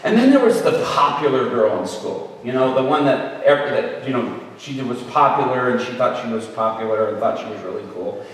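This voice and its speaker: Animated man preaching in an echoey hall. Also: medium pitch, moderate pace, distant mic. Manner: animated storytelling, acts out voices. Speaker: guest speaker. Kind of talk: humorous preaching story.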